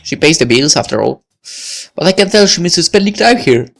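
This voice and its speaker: A woman voicing a thoughtful high school senior girl while reading a visual novel aloud, in a musing inner-monologue manner. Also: expressive, a little fast, gravelly, faint music behind, heavily acted.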